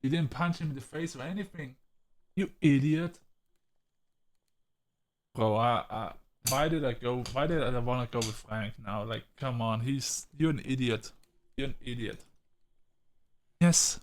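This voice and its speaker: A man commentating his playthrough of a story game. He argues with the characters in heated, profane outbursts. His pitch sits in a typical middle range for a man. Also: moderate pace, long pauses. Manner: heated, swearing rants at the characters. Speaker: game streamer. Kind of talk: let's play commentary.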